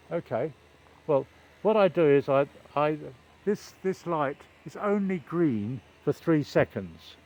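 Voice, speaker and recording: Beside a construction site, an older man vlogs on a handheld phone, chatting in a meandering, hesitant way full of wry, self-deprecating humor. His voice is a little high and darkish in tone, expressive and slow. The recording sounds muffled.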